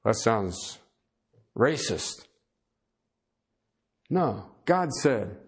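Slow and husky with a sing-song lilt, another sermon unfolds as the preacher climbs loud and high whenever he reads scripture. Throughout, he repeatedly asks the crowd questions.

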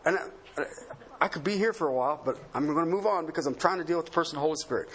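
A man preaching a sermon, asking rhetorical questions and swinging between emphatic highs and low murmurs, laughing often. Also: big pitch swings, fast talker, fairly bright tone, slight background noise.

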